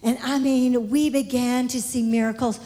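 A woman giving an exuberant missionary testimony in church, shouting praise and laughing often. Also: fairly high pitch, fairly even intonation, moderate pace.

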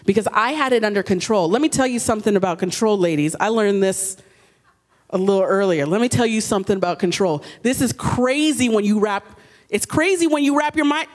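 At a women's gathering, a woman in her thirties shares her personal faith testimony candidly and with animation, mixing in self-mocking humor. Her voice is a little high and her pace brisk.

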